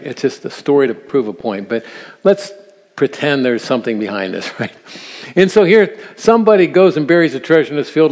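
With a medium-pitched, slightly mellow voice, an older man gives a story-driven, sermon-like talk at a church seminar for grandparents. He's earnest but chuckles at his asides, and the sound carries the long reverb of a large hall.

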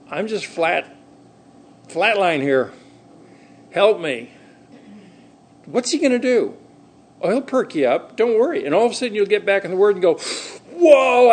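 Middle-aged guy preaching a sermon, slightly high voice, chatty and animated, acts out little back-and-forths. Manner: animated, conversational preaching with acted-out quotes. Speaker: pastor.

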